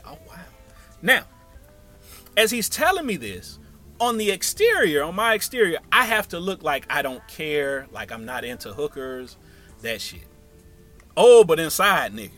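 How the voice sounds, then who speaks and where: Animated bright-voiced man telling a comic story. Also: on the high side, moderate pace, soft background music. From Tampa, Florida area. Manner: animated, acts out voices of others.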